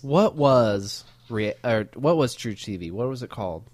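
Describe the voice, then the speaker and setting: Lively, laughing podcast co-host man. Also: medium pitch, normal speed. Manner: laughs often, lively storyteller. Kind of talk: casual banter.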